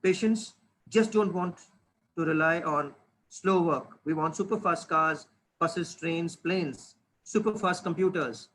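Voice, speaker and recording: A man's voice: fairly high pitch, unhurried, fairly bright tone, a little hiss or hum, rough recording. A man, a dentist, giving an earnest webinar lecture, often restarting and stressing key words. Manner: earnest, with frequent restarts and emphasis. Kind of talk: lecture presentation. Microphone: webinar computer microphone.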